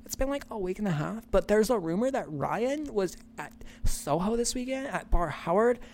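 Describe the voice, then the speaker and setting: A man's voice: sits high, animated, normal speed, a little mellow, a little hiss or hum, pitched above the performer's own voice. A man voicing a gossipy young valley girl woman who rambles breathlessly, full of fillers.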